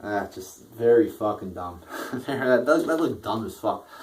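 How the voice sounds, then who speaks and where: A man's voice: fairly low pitch, lively intonation, measured pace, a little mellow, low-quality recording. A man giving a casual, profane review, blunt and rambling, with a bored, dismissive tone. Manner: blunt, crude, rambling with frequent swearing. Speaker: wrestling show reviewer.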